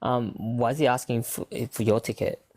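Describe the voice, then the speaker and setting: A woman's voice: a bass voice, fairly even intonation, normal speed, darkish tone. A woman hosting a casual chat. She talks bluntly and backs up her friend. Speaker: host.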